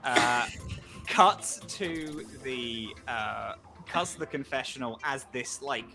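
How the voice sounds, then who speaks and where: A man's voice: mid-range voice, slow pace, music in the background. A man playing a tabletop game, describing his character in a rambling way with many fillers. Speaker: player.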